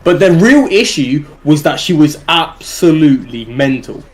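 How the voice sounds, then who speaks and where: A man with a British accent telling a story on a livestream, animated and swearing, often laughing as he goes. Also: on the high side, moderate pace. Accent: British English. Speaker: live streamer.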